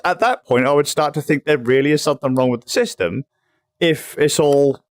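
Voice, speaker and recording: A man's voice: a little high, a little fast. A young man from England ranting in casual chat on a livestream, swearing freely and rambling. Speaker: livestream host.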